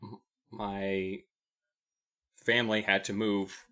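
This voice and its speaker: A man's voice: fairly low pitch, flat delivery, takes it slowly, pushed and bright, clear, resonant tone. A man from the United States co-hosting a podcast, chatting casually with hesitant, laughing restarts. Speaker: podcast co-host.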